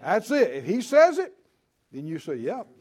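A man preaching a sermon, animated and acting out Bible figures with chuckles. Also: sits high, normal speed.

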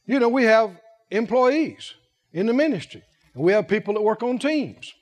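A male preacher with a strikingly high voice gives a sermon at a normal speed. His pitch constantly leaps and dips, and his lively phrasing presses the congregation with rhetorical questions.

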